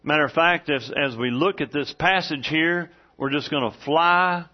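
A man's voice: fairly high pitch, moderate pace. A man in his forties, a pastor giving a folksy, conversational sermon to a congregation in a church, with lots of "uh" fillers. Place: church sanctuary before a congregation. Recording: dull, slightly muffled recording.

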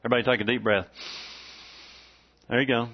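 A man's voice: mid-range voice, steady tone, fast. A man in his forties, a pastor giving a folksy, conversational sermon to a congregation in a church, with lots of "uh" fillers. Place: church sanctuary before a congregation. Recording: dull, slightly muffled recording.

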